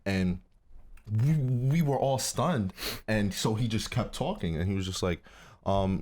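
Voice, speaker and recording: A man co-hosting a casual podcast, telling a story with lots of laughs and sudden high-pitched exclamations. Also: measured pace. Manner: animated storyteller, laughs often, breaks into high squeals. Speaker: podcast co-host. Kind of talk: casual chat. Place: New Jersey.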